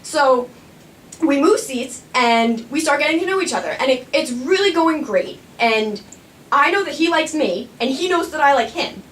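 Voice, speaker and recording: On a small performing arts studio stage, a young woman tells a true personal story in a chatty, self-mocking way. Her high, expressive, fairly bright voice moves at normal speed, captured from far off in an echoey room with a little hiss or hum.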